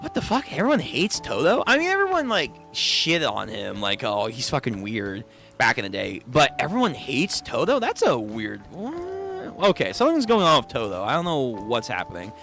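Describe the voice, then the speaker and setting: A man giving casual reaction commentary on a manga read-through, animated and exclaiming in disbelief, with frequent swearing. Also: medium pitch, normal speed, gravelly, few pauses, faint music behind.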